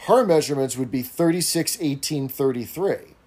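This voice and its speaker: A man's voice: a little high, normal speed, a little mellow. A man hosting a casual podcast, recapping an episode scene by scene. He adds asides and keeps checking in with a rhetorical "right?". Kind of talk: casual chat.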